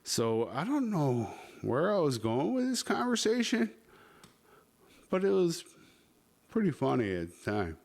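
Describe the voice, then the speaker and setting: A man's voice: fairly high pitch, wildly swooping pitch, a little slow, vocal fry, long pauses, darkish tone. A man hosting a podcast, telling a rambling, crude story full of swearing. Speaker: podcast host.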